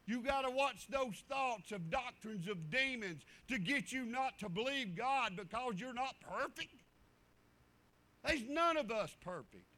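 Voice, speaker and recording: Man, middle-aged, folksy sermon, high and bright. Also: lively intonation, a little slow. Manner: folksy, repeats himself, acts out stories with voices. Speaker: preacher.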